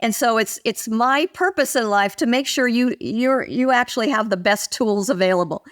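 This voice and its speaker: An older woman, a motivation expert, talking as a guest in an interview and telling stories with lively acted-out quotes. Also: a little high, normal speed. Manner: animated storyteller, acts out quoted voices. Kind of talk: interview conversation.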